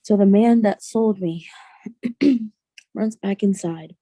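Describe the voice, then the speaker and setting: A young adult woman, a podcast guest, telling a personal story in an earnest, halting way with many restarts. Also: medium pitch, warm tone, dry recording.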